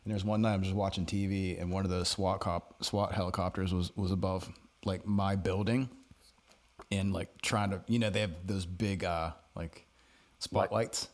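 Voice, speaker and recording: A man's voice: low-pitched, little pitch movement, moderate pace. A man co-hosting a podcast, chatting in a laid-back, slangy way. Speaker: podcast co-host. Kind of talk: casual chat.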